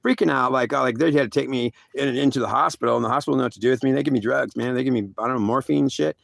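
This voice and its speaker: Excitable gravelly man telling a story. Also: racing, dry recording. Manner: excitable, jumps into high yelps, stammering. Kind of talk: rambling personal storytelling.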